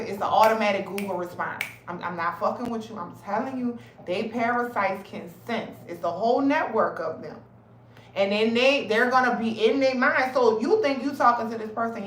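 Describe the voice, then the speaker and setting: A woman's voice: a little high, roomy sound, recorded from a distance, rough recording. A woman ranting bluntly and with lots of swearing in a casual livestream talk. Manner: profane, blunt, animated, talks fast and heated. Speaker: health advocate streamer. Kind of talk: casual live-stream rant.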